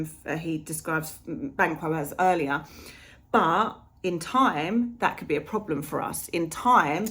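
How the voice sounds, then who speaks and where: A young woman teaching literature in a chatty way, retelling a play's scenes in modern slang. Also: lowish voice. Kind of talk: casual lesson retelling a play.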